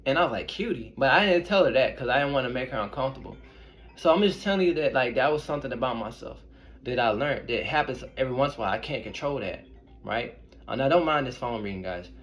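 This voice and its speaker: A young man tells personal stories straight to his viewers in a relaxed, rambling way. He circles back, restarts sentences and calls his audience y'all. His voice sits in an ordinary middle pitch for a man. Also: fast talker, a little hiss or hum. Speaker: intuitive reader and medium. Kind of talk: casual storytelling to camera.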